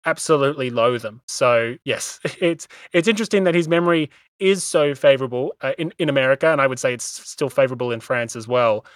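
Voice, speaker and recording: Podcast host guy, middle pitch, dry close sound, explains history carefully. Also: no echo. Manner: measured, explanatory, with small stumbles. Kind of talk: casual history discussion.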